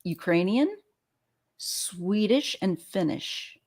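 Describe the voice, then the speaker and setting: A woman's voice: mid-range voice, lively intonation, slow, a little mellow. A woman in casual conversation, reacting supportively and sharing her own stories. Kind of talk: casual chat.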